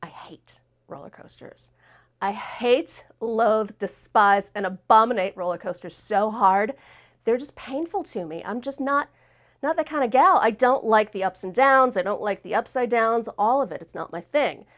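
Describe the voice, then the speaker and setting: A woman hosting a talk show, telling a personal story in a lively way and acting out the voices of the people in it. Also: on the high side, normal speed. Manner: animated, acts out quoted voices. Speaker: host.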